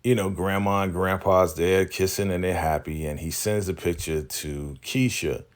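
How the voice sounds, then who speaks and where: A man with a deep, low-pitched voice walks through a TV episode in a relaxed recap. His talk is loose and full of slang, and he acts out the characters' lines as he goes. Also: moderate pace. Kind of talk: casual spoken recap commentary.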